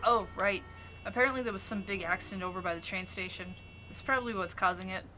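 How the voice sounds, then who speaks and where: A woman's voice: medium pitch, fast, lightly acted. A woman voicing a casual young woman in a game, speaking offhandedly.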